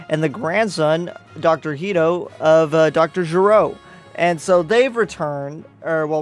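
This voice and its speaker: A man giving a casual spoken movie review as a YouTube reviewer, rambling and correcting himself with lots of fillers. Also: fairly high pitch.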